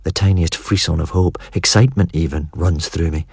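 A man narrates a story in the first person with a measured, even delivery. His voice is very deep and slightly husky. The recording is dry and close, with no room sound. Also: no room sound. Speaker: audiobook narrator.

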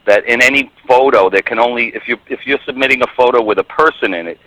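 Man, bright dry voice, rambling radio guest who restarts a lot. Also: medium pitch, dry recording, rough recording. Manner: rambling, halting, many restarts. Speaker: guest musician on a radio talk show. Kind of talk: casual radio chat.

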